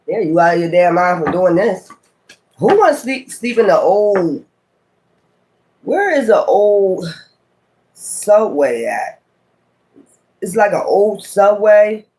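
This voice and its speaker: Animated man musing through a tarot reading. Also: high voice, takes it slowly, pauses often. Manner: musing aloud, exclamatory asides. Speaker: tarot reader.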